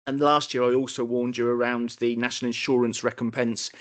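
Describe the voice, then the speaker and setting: A man, a council finance officer, giving a formal budget briefing in a quick manner with dry humour, in a council meeting room. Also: medium pitch, little pitch movement.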